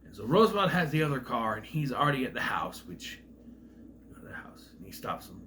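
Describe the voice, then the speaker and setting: A man giving a casual, rambling recap of a film's plot, with restarts and asides, who sometimes acts out characters' lines in loud voices. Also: mid-range voice, very animated, fairly quick, slight background noise. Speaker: film reviewer.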